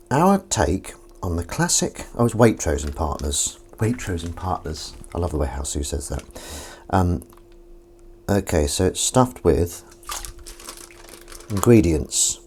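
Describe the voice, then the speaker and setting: A low-voiced Englishman chats to his live viewers from a home kitchen, his pitch leaping up and down as he rambles. He reads comments aloud and swears casually. Faint water and clinking dishes sit behind him. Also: darkish tone, slight background noise. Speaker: live streamer. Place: home kitchen, washing up at the sink.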